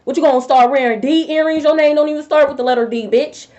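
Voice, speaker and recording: A woman's voice: high voice, fast, a little mellow. A young woman doing a live-stream tarot reading, talking bluntly and confrontationally with a lot of cursing. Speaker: tarot reader. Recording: dull lo-fi stream audio.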